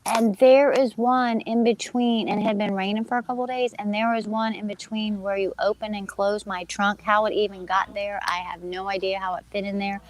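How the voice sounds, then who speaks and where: A woman casually telling a personal story to a group, animated and quickly fired up, talking to her listeners directly. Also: mid-range voice, slight background noise, rough recording. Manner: animated, gets fired up, acts out quoted voices; talks to listeners as "you guys".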